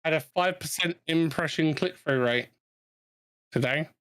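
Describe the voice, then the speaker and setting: Casual gamer chat, south east london guy, higher voice, rambles and restarts. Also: unhurried, fairly bright tone, clean tone, dry recording. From England. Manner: rambling, restarts often, laughs easily. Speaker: gamer chatting with friends. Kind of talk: casual chat over gameplay.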